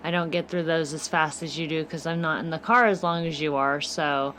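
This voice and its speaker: Woman cohosting a podcast, lowish voice, chatty and easygoing, faint hiss behind. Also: fairly quick, fairly bright tone. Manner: chatty, easily amused. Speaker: podcast co-host. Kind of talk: casual chat.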